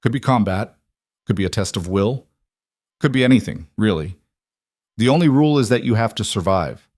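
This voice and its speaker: A man's voice: on the low side, lively intonation, moderate pace, darkish tone, no echo, clean studio sound. A man voicing a large male wolf noble who talks in an offhand, sardonic way.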